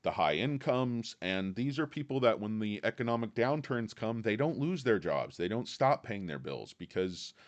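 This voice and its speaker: A man giving a blunt, insulting, animated rant as a stock market commentator, full of fillers and restarts. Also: lowish voice, moderate pace, few pauses.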